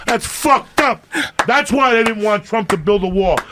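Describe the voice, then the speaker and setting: A man telling comic stories on a podcast, loud and profane, with punchy bursts and sudden shouts. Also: high voice, expressive, moderate pace, background noise. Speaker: comedian guest on a podcast. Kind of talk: profane comic rant and storytelling.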